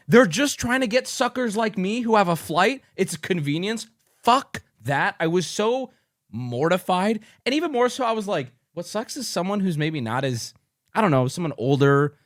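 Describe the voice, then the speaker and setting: Young male streamer, lively and profane storyteller, high-ish voice, dry. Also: normal speed, no echo. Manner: animated and profane, with loud outbursts. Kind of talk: casual storytelling to chat.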